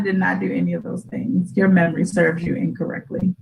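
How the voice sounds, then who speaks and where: A woman's voice: on the low side, flat delivery, a little fast, creaky, low-quality recording. Playful woman host quizzing a child. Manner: gentle, playful questioning with teasing. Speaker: radio show host. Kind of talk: casual chat with her young daughter.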